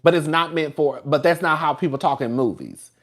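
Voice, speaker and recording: A man's voice: on the high side, a little fast, a bit bright. A man hosting a casual live stream. He rambles, talks with sass and laughs often as he chats with his viewers. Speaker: show host reviewing TV.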